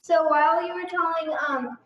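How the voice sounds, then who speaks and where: A woman's voice: very high-pitched, steady tone, normal speed, muffled recording. A female workshop participant on a video call, sharing her result in an eager, matter-of-fact way. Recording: echoey, distant video call audio.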